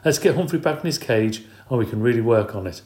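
A man's voice: medium pitch, expressive, fast talker, roomy sound, lightly acted. A man reading an audiobook, voicing an eager, helpful young schoolboy who explains things keenly. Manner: bright, keen, explaining.

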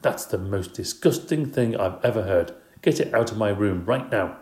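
A man's voice: lowish voice, lively intonation, normal speed, darkish tone, roomy sound, natural voice. A man voicing Abby, a resentful girl stepsister who talks in a snappish, complaining way, in an audiobook. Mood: disgusted. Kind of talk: audiobook character voice.

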